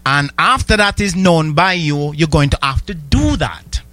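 Man preaching, kinda high voice, dry close sound, repeats declarations and builds up loud. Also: lively intonation, unhurried, dry recording. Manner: rhythmic, repetitive declarations, rising to shouts. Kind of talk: sermon.

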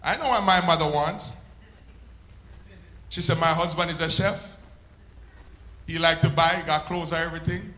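Male preacher, high bright voice, echoey church, slows way down to stress words. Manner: preaching with sudden swells and slow drawn-out emphasis. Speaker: pastor. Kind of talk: sermon.

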